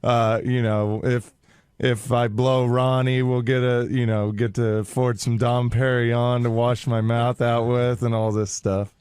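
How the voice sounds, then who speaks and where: A man's voice: medium pitch, little pitch movement, measured pace, darkish tone, smooth, dry recording, clean studio sound. A man who laughs often and chats eagerly and jokingly on a radio show. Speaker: show staffer. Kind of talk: radio studio chat.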